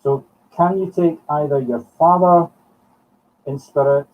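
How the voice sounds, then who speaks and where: A Scottish man working as a medium on a live broadcast, talking in halting short phrases as he thinks aloud. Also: on the high side, steady tone, far from the mic. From Scotland. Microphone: streaming from home. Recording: muffled sound from off the mic.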